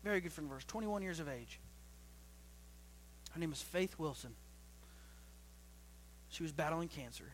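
A young man preaching a sermon to his church as pastor, swinging between loud rising bursts and low quiet stretches, often repeating and restarting phrases. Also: expressive, normal speed, pauses often, slight background noise.

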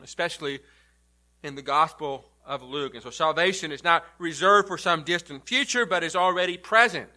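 A male pastor preaching a sermon, emphatic, rising loud and then dropping to a low, quiet delivery.

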